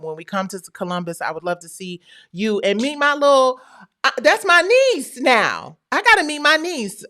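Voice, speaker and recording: Middle-aged woman, low smooth voice, chatty slangy livestream host. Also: a bit bright. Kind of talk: casual livestream chat.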